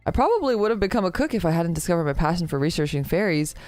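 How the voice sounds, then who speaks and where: A woman voicing a kind, earnest young man who loves cooking, in a soft, quick game-story reading. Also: on the low side, big pitch swings, no echo. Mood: warm, gentle. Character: gentle young male cook, kind and earnest.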